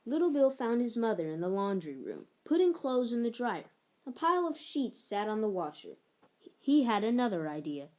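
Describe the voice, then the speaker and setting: A woman narrating a children's picture book aloud in an expressive storytelling manner. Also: a little high, normal speed. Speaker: storybook reader.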